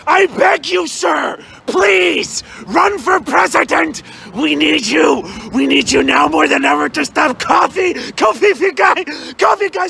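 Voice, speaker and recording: A frantic young superfan, as a man puts him on, yelling his pleas in a very high, bright, strained voice. He rambles and begs crudely with a gravelly edge to his shouting. Faint street noise sits behind him outdoors. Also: heavily acted. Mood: shouted begging. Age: young adult. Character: manic, desperate young male political superfan. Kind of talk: improvised comedy rant.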